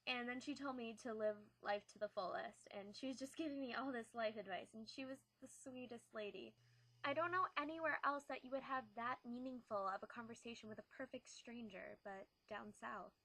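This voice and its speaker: A young woman talks to the camera in a chatty, earnest vlog. She reflects on a trip and tells the story as it comes to her. Her voice sits fairly high and sounds bright. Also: normal speed. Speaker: vlogger. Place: New England.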